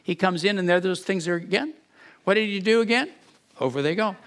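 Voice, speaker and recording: Animated bright-voiced male preacher. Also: high-pitched, fairly quick. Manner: animated, acts out quotes, rhetorical questions. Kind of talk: sermon, expository Bible teaching.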